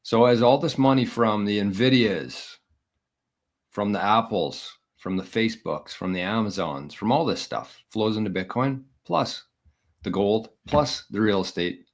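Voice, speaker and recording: A man's voice: on the low side, measured pace. A man hosting a casual solo show, talking in a chatty, opinionated way and often correcting himself mid-sentence. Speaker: podcast host.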